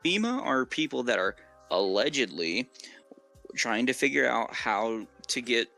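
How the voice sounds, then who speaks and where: A man with a Southern US accent talks through game theories in a loose, rambling way. He keeps saying "like" and restarting his sentences, and his voice sits at an ordinary pitch. Soft music plays behind him. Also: sing-song, measured pace, creaky. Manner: rambling, many fillers and restarts. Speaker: co-host. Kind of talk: casual gaming lore chat.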